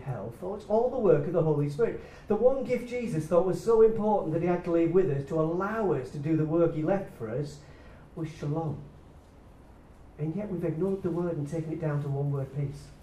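A man preaching a sermon, swinging between loud excited bursts and quiet hushed lines. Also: on the high side, recorded from a distance, a little hiss or hum. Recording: echoey room, speaker away from the mic.

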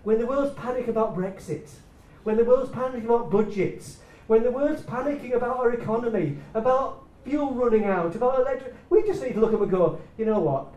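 A man preaching a sermon, swinging between loud excited bursts and quiet hushed lines. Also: very high voice, brisk, far from the mic, lo-fi sound. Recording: echoey room, speaker away from the mic.

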